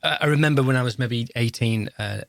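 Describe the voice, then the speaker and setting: A man's voice: mid-range voice, fairly quick, creaky, dry recording. A man, hosting a podcast in a casual, rambling, self-deprecating, jokey way. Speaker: podcast host. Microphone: podcast microphone.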